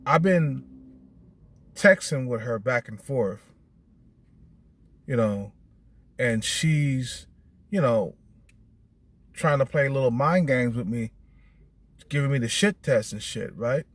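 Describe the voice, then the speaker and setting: A middle-aged man talking casually and bluntly, swearing often and repeating "you know what I'm saying," his voice climbing high and animated when he retells others' words. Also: takes it slowly, long pauses. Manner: animated, rising high when quoting texts. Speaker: vlogger. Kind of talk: casual monologue.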